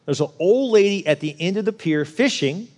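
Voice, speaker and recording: A man delivering a sermon in a slightly higher-pitched voice. He tells his story earnestly and presses his points home with emphasis. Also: animated, brisk, darkish tone. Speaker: pastor.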